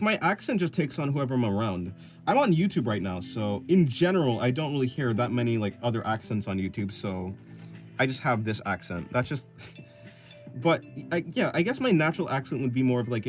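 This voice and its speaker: A man chatting casually on a live stream, answering chat in a rambling, self-correcting, offhand way and laughing often. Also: medium pitch. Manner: offhand, apathetic.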